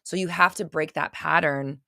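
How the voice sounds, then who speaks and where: A woman's voice: deep voice, fairly even intonation, normal speed, gravelly, bright, forceful tone, no room sound, studio quality. A woman hosting a livestream and answering viewer questions, blunt and intense, hammering points home with repetition. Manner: blunt, intense, repeats phrases for emphasis. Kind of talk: unscripted livestream talk.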